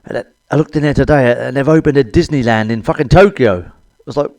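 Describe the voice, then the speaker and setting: A middle-aged man with a British accent runs through a crude stand-up routine, blunt and cheeky, with plenty of swearing. His voice sits at an ordinary middle pitch. The sound is dry and close, with no room echo. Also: fast, hardly any pauses, darkish tone. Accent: British English. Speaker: stand-up comedian. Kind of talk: crude stand-up comedy monologue.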